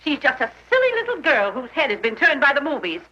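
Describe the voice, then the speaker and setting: A nagging, scolding aunt. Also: female voice, sits high, huge pitch swings, fast, sharp tone, exaggerated voice. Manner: scolding and complaining. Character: nagging disapproving middle-aged aunt. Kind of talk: 1930s film acting. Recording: muffled 1930s film soundtrack.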